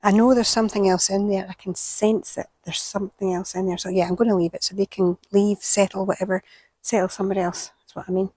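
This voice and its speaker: A woman with a British accent hosting a gardening vlog outdoors at an allotment, talking to camera and often dropping to a hushed whisper. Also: medium pitch, little pitch movement, fast, dry recording. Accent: British English. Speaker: gardening channel host. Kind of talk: casual vlog talk to camera. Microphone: small clip-on microphone.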